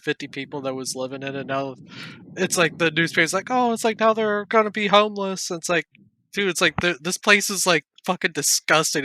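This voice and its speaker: A man's voice: a little high, sharp tone, dry recording, poor audio. A man co-hosting a podcast, chatting bluntly and swearing casually. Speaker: podcast co-host. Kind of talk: casual chat.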